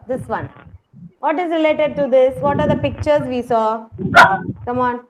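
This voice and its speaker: A woman's voice: sits high, measured pace, long pauses, darkish tone. A woman kindergarten teacher with an Indian English accent, leading an online class and patiently repeating words for young children. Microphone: video call. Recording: lo-fi noisy video call audio.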